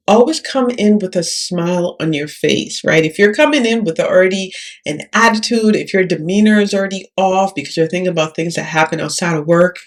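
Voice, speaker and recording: A woman with a medium-pitched voice tutors occupational therapists in a video lesson. She speaks calmly and keeps checking in with "all right?".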